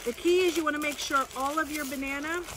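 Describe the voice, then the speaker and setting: A woman's voice: high-pitched, steady tone, quick pace, background noise. A middle-aged woman, a campground host, cheerfully explaining an outdoor cooking demonstration step by step outdoors. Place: outdoor campground by a fire pit.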